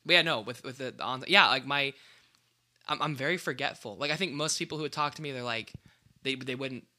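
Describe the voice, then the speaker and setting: A man's voice: mid-range voice, a little fast, bright, forceful tone. A young man co-hosting a podcast in casual chat, rambling with many restarts and fillers. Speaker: podcast co-host.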